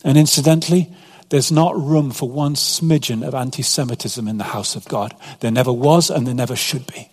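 A man's voice: medium pitch, moderate pace, a little mellow, husky, in a large hall. A man preaching an earnest sermon as pastor, reading scripture aloud between his own points.

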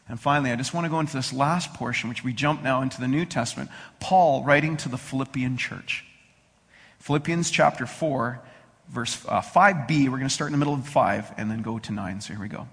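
A middle-aged man preaching a sermon as pastor, who reads scripture slowly and then talks casually with restarts. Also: mid-range voice, fairly bright tone, slightly rough, in a large hall. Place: church sanctuary.

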